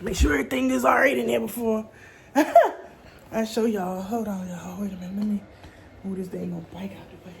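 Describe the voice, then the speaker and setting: Casting note: young woman, easygoing home vlogger, breathy and casual, steady background noise. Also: mid-range voice. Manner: chatty, talks to viewers as "y'all", curses casually. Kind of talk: casual chat to camera.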